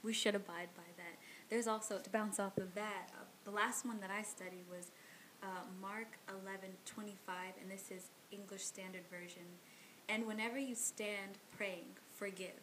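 Earnest woman co-host with a bright, sharp voice, faint hiss behind. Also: medium pitch, flat delivery, normal speed. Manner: earnest, quotes scripture, agreeable. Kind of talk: casual faith talk.

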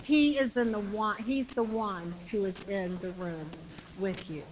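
A woman preaching a sermon with passion, repeating phrases and shouting the climactic lines. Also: medium pitch, steady tone, measured pace, background noise.

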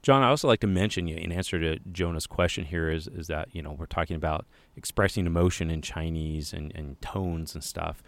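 A man's voice: low-pitched, brisk, hardly any pauses, no echo. A man co-hosting a podcast, chatting casually and enthusiastically. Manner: enthusiastic, effusive. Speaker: podcast co-host.

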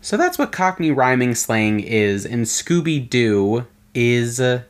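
A man hosting a solo podcast, chatting casually and playfully. His pitch swings widely and lively as he explains things and tosses in joking asides. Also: takes it slowly. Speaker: podcast host.

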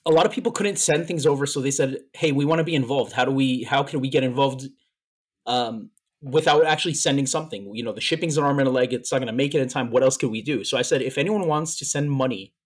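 A man's voice: medium pitch, fast, breathy edge. A man co-hosting a podcast in casual chat, telling a long story with repeated words, emotional and a little out of breath. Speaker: podcast co-host.

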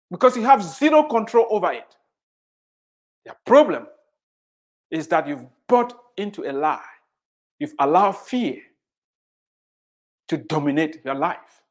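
A preacher in full sermon mode, with a voice whose pitch rises and falls in wide, animated swings. The delivery is emphatic and driven by repetition, circling back to key phrases again and again. Rhetorical questions are thrown out to the congregation throughout. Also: a little slow, pauses often.

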